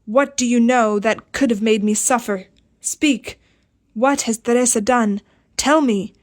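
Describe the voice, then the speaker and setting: A woman's voice: on the high side, fairly even intonation, normal speed, a little mellow, natural voice. Woman voicing a distraught young man demanding the truth. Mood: desperate. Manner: pleading, desperate.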